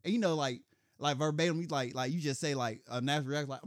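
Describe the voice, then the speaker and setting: A young man co-hosting a casual chat podcast, telling animated stories and acting out what people said, with plenty of swearing. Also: fairly high pitch, fast, dry recording, clean studio sound. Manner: animated storytelling, acting out quotes, heavy swearing. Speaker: podcast co-host.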